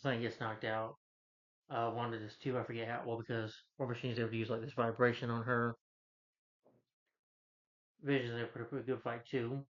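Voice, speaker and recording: A man casually recapping a film as a reviewer, rambling with many fillers and quick quoted character lines. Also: mid-range voice, little pitch movement, dull audio. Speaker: movie reviewer.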